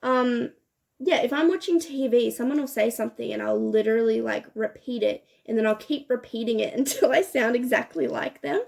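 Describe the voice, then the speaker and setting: A woman's voice: a little high, fairly quick, creaky, a little mellow. A young woman chatting casually while doing her makeup, laughing and swearing often. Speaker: beauty vlogger. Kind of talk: get-ready-with-me chat.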